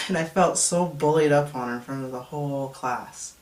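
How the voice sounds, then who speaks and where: Man in his thirties, slow confessional testimony, mic set back in a roomy space. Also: a little high. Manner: reflective, confessional storytelling. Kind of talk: personal testimony vlog. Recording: echoey room, mic at a distance.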